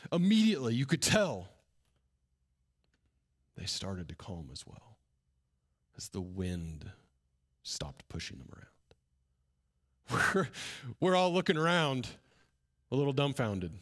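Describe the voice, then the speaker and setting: A pastor with a husky, medium-pitched voice delivers a sermon as a dramatic first-person story. His retelling is animated, and he drops to a whisper to build suspense.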